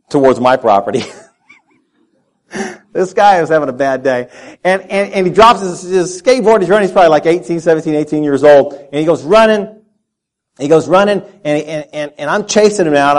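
Animated male preacher from Texas. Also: a little high, a little fast. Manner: animated storyteller, repeats words while speaking. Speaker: pastor. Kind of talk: sermon with personal story.

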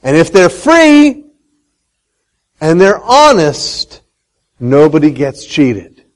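A man speaks to a live audience in a bright, lively way, with a higher voice that swoops up and down. He keeps turning questions back on his listeners and tells a homespun story. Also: slow pace, low-quality recording. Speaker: speaker on Christian economics.

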